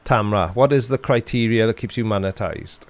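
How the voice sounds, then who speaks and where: A Welsh man with a fairly low voice, chatting casually on a live stream. He answers viewers' questions one after another with a dry, sarcastic wit and laughs often. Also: normal speed.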